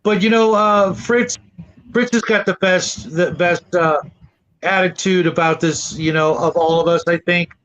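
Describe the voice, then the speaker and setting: A man in a casual online chat, talking in a warm, rambling way with many fillers. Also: sits high, steady tone, a little slow, muffled recording.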